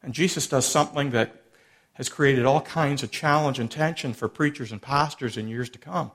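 Guy preaching a sermon, bit of gravel in his voice, acts out the quotes. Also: medium pitch, moderate pace, a bit bright. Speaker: pastor.

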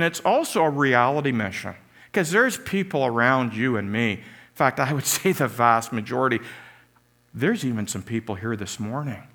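A middle-aged man preaching a sermon, telling stories with animated delivery and acted-out voices. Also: medium pitch. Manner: animated storytelling, acts out voices.

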